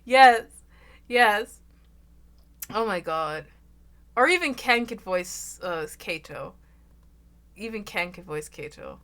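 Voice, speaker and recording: Loud southern girl streamer rambling to chat, swears a lot, bright sharp voice. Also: expressive, takes it slowly, long pauses. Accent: American Southern. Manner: loud, rambling, swears freely, bursts into shrill laughs. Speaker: VTuber streamer.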